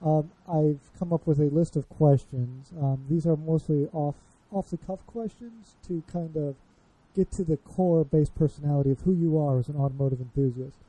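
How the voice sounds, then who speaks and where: A man's voice: fairly high pitch, moderate pace, dark tone, slightly rough, no room sound, poor audio. A man in his thirties with a Chicago accent, hosting a casual podcast chat, rambling and self-deprecating as he fumbles with his notes. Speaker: podcast host.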